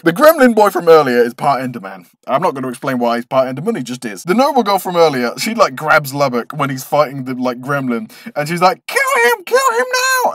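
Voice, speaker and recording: A man's voice: fairly high pitch, a bit bright, dry recording. A man narrating a comedic anime recap, sarcastic and swearing freely, ranting with exaggerated outrage.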